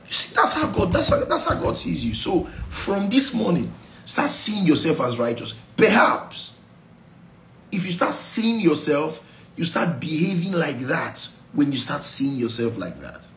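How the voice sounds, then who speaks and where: A man's voice: fairly high pitch, very animated, unhurried, a bit bright, roomy sound, a little hiss or hum, rough recording. A Nigerian-accented male pastor teaching a Bible study sermon in an exhortative way, slipping into pidgin asides. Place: church.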